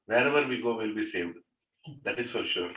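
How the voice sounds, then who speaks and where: A man's voice: on the low side, expressive, fairly quick. Guy preaching at a home gathering, chatty, keeps asking "right", mic far away, light hiss. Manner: conversational, asks the audience "right?". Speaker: devotional speaker. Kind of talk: storytelling talk to a gathering. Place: room in a private house. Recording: roomy, distant mic, faint noise.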